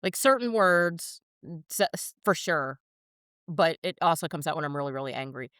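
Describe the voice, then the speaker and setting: A woman in her fifties with a slight New Jersey accent chats on a podcast, blunt, laughing often and swearing freely. Her voice is smooth and clear, recorded dry and close with no room sound. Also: low voice, animated, moderate pace, fairly bright tone, no echo. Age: 50s. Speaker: podcast co-host. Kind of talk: casual chat.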